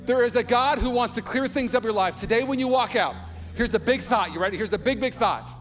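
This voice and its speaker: High-voiced energetic male preacher, echoing hall. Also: fast talker, soft background music. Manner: energetic preaching, acts out shouts and quoted voices. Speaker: pastor. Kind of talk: sermon. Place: large church hall.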